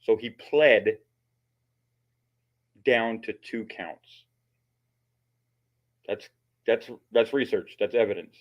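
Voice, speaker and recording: A man's voice: on the low side, slow, long pauses, dull audio. A man hosting his channel and giving blunt, mocking commentary on a recorded call, swearing often. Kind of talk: profane commentary.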